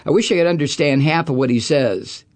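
A man's voice: fairly high pitch, a little fast. A middle-aged man hosting a talk radio show, ranting about politics in an angry, profane, sarcastic way. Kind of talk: political rant.

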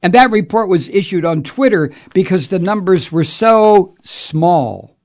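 A man rants about politics, swearing freely and sneering with sarcasm. His voice sits a little high and carries a gravelly fry. He sounds indignant throughout. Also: animated, unhurried, darkish tone. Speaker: political commentator. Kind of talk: angry political monologue.

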